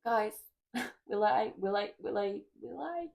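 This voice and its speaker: A woman's voice: medium pitch, flat delivery, slow pace, darkish tone. A woman in her twenties talking casually to her viewers, rambling and hesitant, often trailing off with "I don't know.". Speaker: vlogger. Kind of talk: casual confessional chat.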